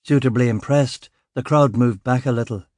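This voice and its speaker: A man reading a crime novel in first person, with a dry, sardonic, gruff delivery. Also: mid-range voice, moderate pace, darkish tone, no echo. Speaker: audiobook narrator. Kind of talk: first-person scripted narration.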